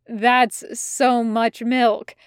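A woman's voice: fairly high pitch, little pitch movement, drawn-out words, clean tone, dry recording. A woman voicing an amused, incredulous young man in a storybook reading, talking in a dry, disbelieving way.

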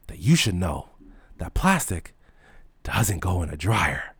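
A young man tells a work story as a heated, sweary rant, his voice leaping up and down with exasperation. He sounds close and dry, with no room around him. The delivery is mock-incredulous and animated throughout. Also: medium pitch, normal speed, breathy edge, no echo. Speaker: retail store manager.

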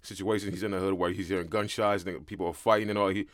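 A young man with a thick Brooklyn accent talks quickly in a very low voice, telling a story in casual podcast chat. The sound is dry and close, with little room behind it. His street slang keeps the delivery loose and conversational. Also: steady tone, no room sound. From Brooklyn, New York. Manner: streetwise storytelling, says "feel me" often. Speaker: podcast co-host.

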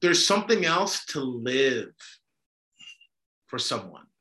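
In an echoey room, a man co-hosting a podcast discusses things emphatically and at length, frequently checking in with "right?". He speaks slowly in a mid-range, sing-song voice whose tone is bright and forceful.

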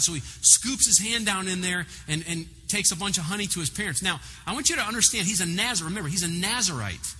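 A man preaching a sermon, retelling a story with lively asides to his listeners. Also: high-pitched, big-room sound, slight background noise. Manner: animated storytelling with asides to the congregation. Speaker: pastor.

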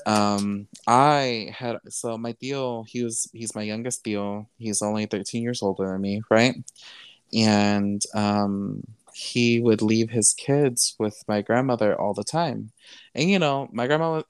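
A man guesting on a podcast shares a personal story with casual, emotional earnestness, alternating English and Spanish and often saying "you know." His voice runs on the low side, clean, in a dry recording.

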